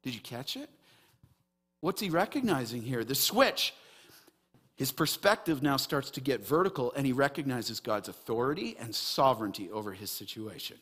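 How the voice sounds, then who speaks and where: A man preaching a sermon in an emphatic style, swinging between loud rising passages and quiet low asides, with many rhetorical questions to the congregation. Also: very animated, normal speed, slightly rough. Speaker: pastor.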